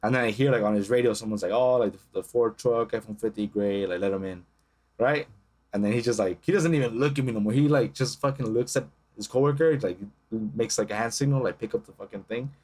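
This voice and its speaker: A young man co-hosts a podcast, talking fast in a lowish voice. He tells casual, profane stories in an animated way, acting out the voices of the people in them.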